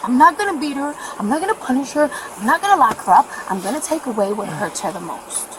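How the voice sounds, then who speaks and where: A woman's voice: high-pitched, very animated, quick pace, background noise. A woman being questioned by police, answering in a defiant, matter-of-fact, rambling way. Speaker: arrested mother being questioned.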